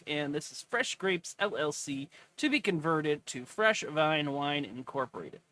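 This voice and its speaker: A man's voice: fairly high pitch, bright, forceful tone. A man hosting a casual stock video, chatting and reading a filing aloud with jokes. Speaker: host.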